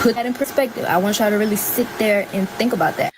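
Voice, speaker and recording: Woman retelling family drama to her viewers, emphatic, acts out what people said, middle pitch. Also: quick pace, background noise. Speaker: storyteller in her own video. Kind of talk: casual storytelling vlog.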